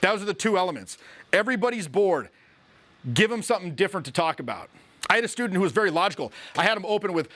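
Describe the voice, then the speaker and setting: A man who coaches social skills, explaining casually with animated, profane storytelling. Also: high-pitched, quick pace.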